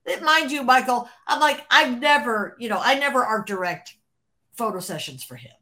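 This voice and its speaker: A woman being interviewed, telling an animated story, laughing often and acting out what others said. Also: fairly high pitch, moderate pace. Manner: animated, acts out quoted voices, laughs often. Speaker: interview guest, former record label creative executive.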